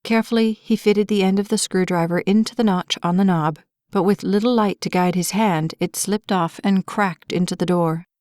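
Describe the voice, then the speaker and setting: A woman reads a romance novel aloud in a clear, measured way, at a middle pitch. Her voice sits close to the mic. The sound is completely dry, with no room echo. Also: fairly even intonation, a little mellow. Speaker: audiobook narrator. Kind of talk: scripted audiobook narration.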